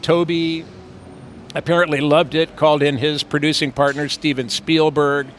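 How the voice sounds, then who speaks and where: A man's voice: fairly high pitch, flat delivery, normal speed, a bit bright, slight background noise. An older man, an actor being interviewed, telling stories in a rambling way with many fillers, outdoors on a city street. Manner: rambling, with frequent fillers and playful impressions. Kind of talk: anecdotal storytelling.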